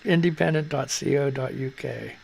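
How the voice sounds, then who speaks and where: A man's voice: mid-range voice, moderate pace, creaky, slightly rough. A man hosting a live radio and stream show, rambling loosely and jokily through news headlines, muttering to himself between reads. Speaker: radio and livestream host.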